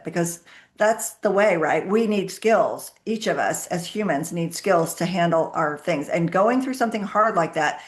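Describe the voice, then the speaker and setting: A woman's voice: fairly low pitch, animated, a little slow. A middle-aged woman, a guest on a business podcast, answering questions with candid personal stories and acting out what people said. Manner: candid storytelling, acts out her own quoted dialogue. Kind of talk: conversational interview answers.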